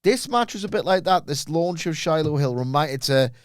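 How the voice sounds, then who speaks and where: Male co-host, sarcastic dry quips, lively pitch, close dry sound. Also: brisk, clean tone, dry recording. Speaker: podcast co-host. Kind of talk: casual wrestling review chat.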